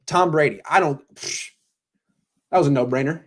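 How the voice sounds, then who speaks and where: A Californian man in his thirties, a sports blogger, hosts a casual pregame show at a moderate pace in a slightly high voice, spinning stories full of sarcastic asides and mock voices.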